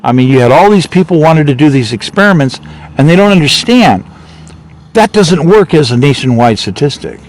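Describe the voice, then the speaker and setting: A man's voice: fairly high pitch, sing-song, moderate pace, poor audio. A man speaking as a political candidate in a rambling, off-the-cuff monologue, repeating himself and growing indignant.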